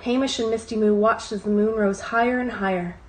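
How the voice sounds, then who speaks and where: A woman reads a children's story aloud at a middle pitch. Her telling is calm and soft. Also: brisk, rough recording.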